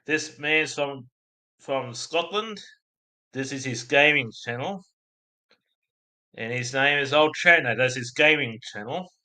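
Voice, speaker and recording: A man with an Australian accent hosts a casual livestream, rambling and chatting with viewers and laughing at the chat. His medium-pitched voice is pushed and bright, slow, with frequent pauses.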